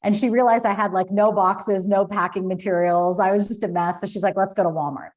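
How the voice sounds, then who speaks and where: A woman's voice: mid-range voice, steady tone, a little fast, darkish tone. Candid woman telling her story. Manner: candid, emotional storytelling with many fillers. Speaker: podcast guest, business founder. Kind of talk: personal story in an interview.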